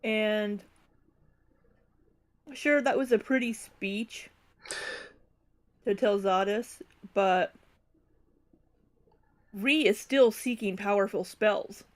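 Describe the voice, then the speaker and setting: A woman's voice: mid-range voice, extremely slow, pauses often. A woman playing a tabletop game, thoughtfully explaining her character's view. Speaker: player.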